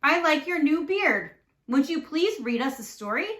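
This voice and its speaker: A woman's voice: animated, normal speed, fairly bright tone. A woman voicing a sweet, polite little girl in a storybook, in an echoey room. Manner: high, sweet, eager.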